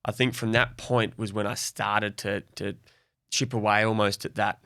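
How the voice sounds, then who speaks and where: A man's voice: on the low side, level tone, moderate pace, no room sound, clean studio sound. A young Australian man speaking openly and reflectively as a guest in a podcast conversation. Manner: open, reflective, soft-spoken.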